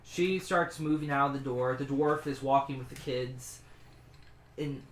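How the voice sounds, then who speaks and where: A game master narrating a tabletop game in a relaxed way, with quick asides. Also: mid-range voice, echoey room, a little hiss or hum.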